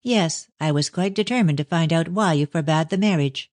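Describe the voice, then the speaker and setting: A man's voice: fairly high pitch, moderate pace, no room sound, close to an everyday voice. A man voicing an anxious young Victorian daughter who pleads earnestly with her father in an audiobook. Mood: distressed. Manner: pleading, raised and earnest delivery. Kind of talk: audiobook reading of a novel.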